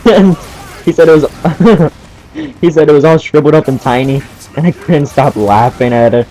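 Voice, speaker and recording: A man's voice: fairly high pitch, normal speed, dark tone, rough recording. A young man in casual gameplay commentary, telling a story while playing, laughing often and swearing at the game. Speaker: gaming channel host.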